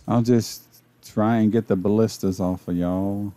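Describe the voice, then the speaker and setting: A man's voice: lowish voice, steady tone, measured pace, mellow, no room sound. A man from Arkansas with a Southern accent, giving playful, jokey commentary as the host of his gaming channel. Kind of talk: casual gameplay commentary.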